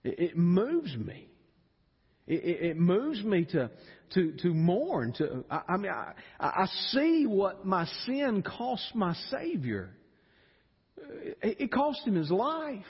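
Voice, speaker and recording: A man's voice: sits high, takes it slowly, breathy edge, long reverb tail, lo-fi sound. A man preaching an emotional evening sermon, often repeating words as he builds. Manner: animated, emotional, repeats words when stirred. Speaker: pastor. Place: church sanctuary.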